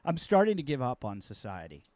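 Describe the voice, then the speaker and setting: A man's voice: mid-range voice, huge pitch swings, a little fast, a little mellow, no room sound. A man hosting a podcast as a comedian, telling rambling, self-mocking stories in casual chat.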